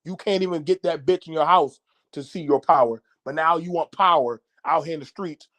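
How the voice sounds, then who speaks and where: A man hosting a podcast, ranting loudly in a profane, mocking monologue with an American accent. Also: on the high side, brisk. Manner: loud, animated, cursing, mocking. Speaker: podcast host.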